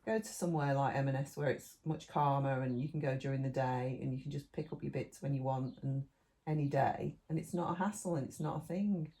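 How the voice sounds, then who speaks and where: A woman's voice: a bass voice, fairly quick, mellow. Rambling middle-aged woman. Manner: rambling, listy, restarts mid-thought. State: eating while talking. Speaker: podcast co-host. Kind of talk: casual chat.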